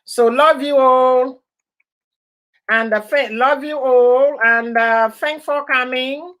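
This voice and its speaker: A woman hosting a casual live stream, laughing often and heartily as she chats and repeats her warm goodbyes and thank-yous. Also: sits high, fairly even intonation, slow pace.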